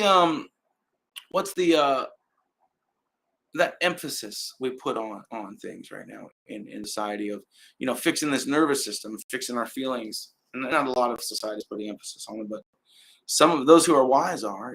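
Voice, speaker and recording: A man's voice: medium pitch, animated, moderate pace, vocal fry, a bit bright, low-quality recording. A young man, hosting a casual live stream and rambling loosely with fillers and trailing laughs. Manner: many fillers and restarts.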